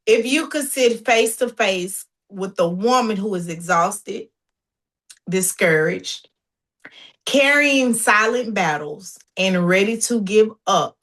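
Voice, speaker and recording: A woman hosting a faith talk show who asks questions in a deliberate way. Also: mid-range voice, expressive, a bit bright. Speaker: podcast host.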